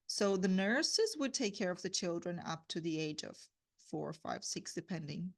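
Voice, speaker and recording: A woman's voice: fairly low pitch, expressive, normal speed. A woman literature teacher leading a guided reading lesson, explaining as she goes with fillers and frequent rhetorical checks.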